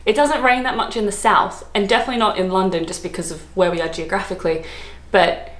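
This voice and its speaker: A woman's voice: mid-range voice, steady tone, fast, a bit bright. Chatty Australian woman in an echoey room. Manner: chatty, rambling, laughs often, lots of ums and likes. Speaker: vlogger. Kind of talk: casual chat to camera. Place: room, lived in London.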